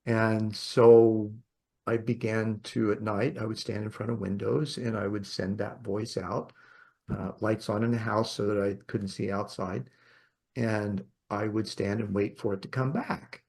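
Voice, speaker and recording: A man hosting a podcast, telling a personal story in a rambling, reflective way with soft laughs. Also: fairly low pitch, level tone, a little slow, vocal fry. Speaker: podcast host. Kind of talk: reflective storytelling in casual conversation.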